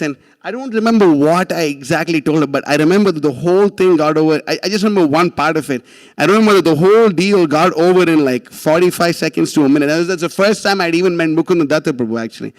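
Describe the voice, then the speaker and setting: A man giving a religious class, telling a story in an animated, casual way with many restarts and laughs. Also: fairly high pitch, fast talker, big-room sound.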